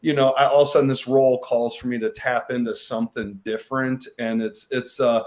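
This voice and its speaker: A man from Missouri, an actor, speaking as a guest on a panel. He talks in halting bursts with frequent restarts. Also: mid-range voice, little pitch movement. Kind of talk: panel discussion.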